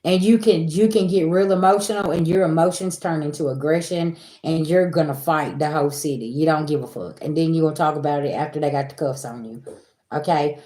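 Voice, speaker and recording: Animated woman venting to viewers, roomy sound. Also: low-pitched, a little fast. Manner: animated, venting, swears freely, addresses viewers as y'all. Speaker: spiritual reader and streamer. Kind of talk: casual chat with viewers. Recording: roomy echo.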